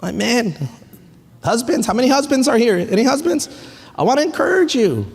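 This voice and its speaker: A man in his thirties preaching a sermon as pastor, animated and playful, with family stories and asides to the congregation. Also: very high voice, fairly quick, creaky, slightly rough. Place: church sanctuary. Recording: echoey church hall.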